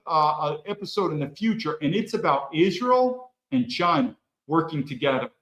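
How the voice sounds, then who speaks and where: A man's voice: high-pitched, reverberant, poor audio. A man from the United States hosting a solo livestream, rambling in heated rants and often restarting his sentences. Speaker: livestream host.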